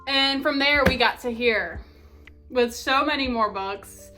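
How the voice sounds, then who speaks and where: A young woman with a slightly high voice gushes about her favorite reads in a relaxed, chatty vlog. She talks with bubbly enthusiasm and loose fillers. Soft music plays faintly behind her. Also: a little slow. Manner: gushing, animated, many fillers like "like". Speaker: book vlogger. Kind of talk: casual book review chat.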